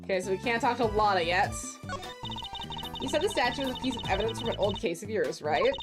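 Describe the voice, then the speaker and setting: A woman's voice: mid-range voice, expressive, fast talker, natural voice. A woman voicing an eager, chatty young female sidekick in a game. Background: game music.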